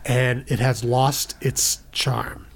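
A man's voice: mid-range voice, flat delivery, takes it slowly, gravelly. Playful man improvising a story. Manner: playful, acts out characters' lines in raised voices. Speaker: storyteller, guest podcast host. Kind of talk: improvised bedtime story telling.

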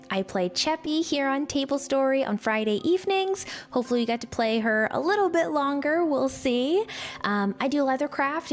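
A bubbly woman signs off from a role-play stream, laughing easily. Her voice is high and light. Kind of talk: casual stream sign-off.

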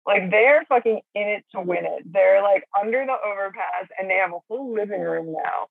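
Woman, middle-aged, gravelly, husky, swearing, rambling, dry tinny phone line. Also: medium pitch, brisk, no echo. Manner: swearing, laughing, rambling with many fillers. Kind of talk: casual chat.

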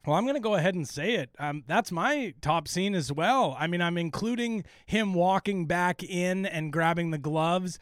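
A man co-hosts a casual podcast recapping a TV show, talking with enthusiasm and plenty of swearing. His voice sits a bit high and comes through smooth and clear. The sound is close and dry, with filler words scattered through his talk. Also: moderate pace, few pauses, no room sound. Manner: enthusiastic, profane, many fillers. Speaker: podcast co-host.

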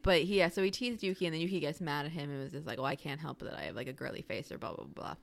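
Young woman, rambling, casual podcast chat, lowish voice. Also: rapid-fire, creaky. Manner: rambling, heavy use of filler "like". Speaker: podcast co-host. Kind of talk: casual chat recapping a show.

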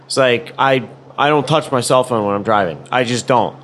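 A man's voice: mid-range voice, moderate pace, few pauses, a bit bright. Guy ranting bout getting pulled over, swears a ton, faint hiss behind. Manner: profane, heated storytelling. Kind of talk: casual chat.

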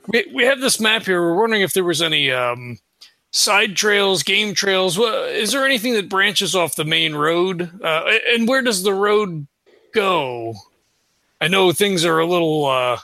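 A courteous, hesitant adventurer, voiced by a man at a game table. His voice is bright and sits fairly high, broken by polite pauses. The sound is dry and close. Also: creaky, no room sound, full character voice.

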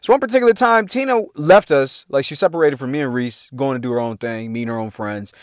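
A man in his forties hosting a podcast, telling a family story in a loud, profane, comic way and laughing often. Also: mid-range voice, fast, no room sound, clean studio sound. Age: 40s. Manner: animated, swearing, laughs often, acts out quotes. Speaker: podcast host.

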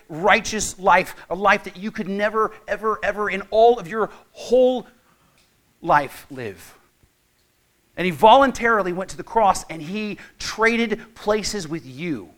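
High, bright-voiced male preacher. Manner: emphatic preaching that builds to loud, slow climaxes. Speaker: pastor. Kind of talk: sermon.

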